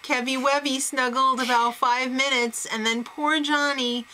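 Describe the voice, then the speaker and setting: Chatty bright-voiced woman recapping TV. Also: high voice, fairly even intonation, a little slow, low-quality recording. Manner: chatty, gossipy, laughs often. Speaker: co-host of a TV recap show. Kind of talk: casual recap chat.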